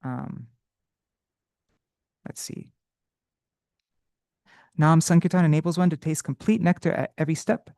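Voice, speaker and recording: A man leading an unprepared live study session, thinking aloud with halting restarts and self-corrections, now and then chanting verses slowly. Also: on the high side, vocal fry, mellow, no echo, studio quality. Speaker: teacher of scripture study.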